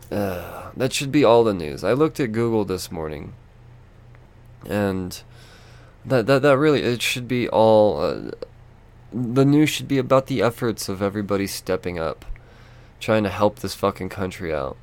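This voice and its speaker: A man hosting a solo podcast, ranting in a frustrated, profane way with lots of halting restarts. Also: on the low side, lively intonation, darkish tone. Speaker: podcast host.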